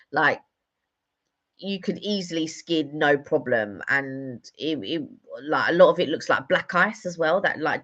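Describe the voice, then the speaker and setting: A woman's voice: deep voice, a bit bright, muffled recording. A woman chatting casually on a live stream, telling rambling stories with lots of fillers. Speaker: vlogger doing a live stream. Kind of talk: casual chat.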